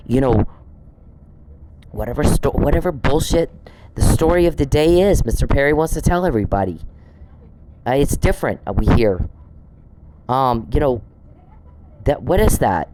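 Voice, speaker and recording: A man's voice: medium pitch, lively intonation, moderate pace, long pauses, noisy background. A man on a podcast, delivering an angry, profane monologue aimed straight at one person he scolds. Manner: indignant, profane, scolding someone directly.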